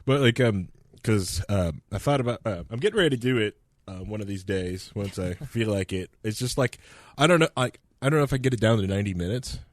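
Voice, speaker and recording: A man's voice: on the low side, lively intonation. A man co-hosting a podcast, rambling jokily about tech setups in casual banter. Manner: rambling, jokey, quick tech talk. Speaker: co-host. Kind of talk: casual pre-show banter.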